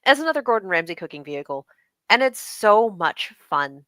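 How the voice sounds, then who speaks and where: Animated, joking woman co-host. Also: mid-range voice, fairly quick, no room sound. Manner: animated, joking, enthusiastic speculation. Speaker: podcast co-host. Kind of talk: casual chat.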